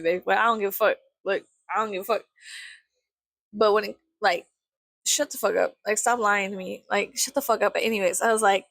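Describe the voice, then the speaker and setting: A woman's voice: mid-range voice, a bit bright, dry recording. A woman telling a story in a casual, rambling rant, sarcastic and full of swearing. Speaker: vlogger.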